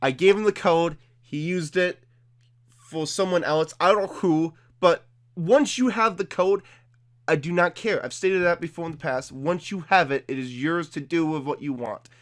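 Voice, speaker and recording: A man's voice: a little high, normal speed. A young man giving casual, defensive video commentary, chatty and full of fillers. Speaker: YouTuber.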